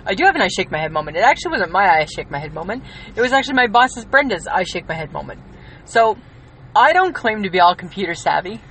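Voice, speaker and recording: Casting note: a mid-pitched woman, deadpan, teasing co-host telling anecdotes. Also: fast talker, slight background noise, poor audio. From Canada. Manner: dry, teasing, mock-indignant. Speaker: podcast co-host. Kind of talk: casual chat, storytelling.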